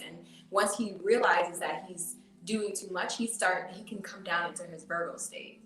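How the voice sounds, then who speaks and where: A woman's voice: fairly low pitch, normal speed, hardly any pauses, fairly bright tone. A woman, a tarot reader guest on a podcast, chatting casually and earnestly explaining spiritual ideas with fillers. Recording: roomy, distant from the mic.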